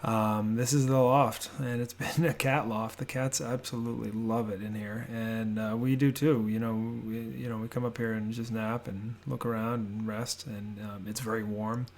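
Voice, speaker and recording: Gravelly relaxed man narrating a house tour. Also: fairly low pitch, moderate pace, few pauses. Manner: relaxed, rambling, many fillers and restarts. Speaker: homebuilding vlogger. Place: home office.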